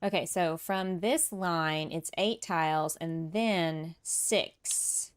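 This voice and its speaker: A woman with a lowish, clear, resonant voice speaks slowly while building in a farming game on stream. She chats casually, reads and answers viewer comments aloud, laughs often, and mocks herself a little, all over soft game music.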